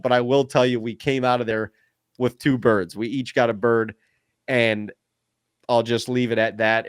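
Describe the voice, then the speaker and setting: A man in casual podcast chat, recounting a hunt with rising excitement. He leans on "dude" and "like" as he talks. His voice sits at an average pitch, and the room sounds dry and close. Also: smooth, no room sound. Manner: excited storyteller, says "dude" and "like" a lot. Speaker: podcast co-host.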